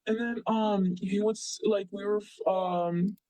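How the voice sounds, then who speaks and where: A young man telling a story casually as an interviewee, rambling with many fillers and animated retellings. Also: high voice, takes it slowly, no echo, poor audio.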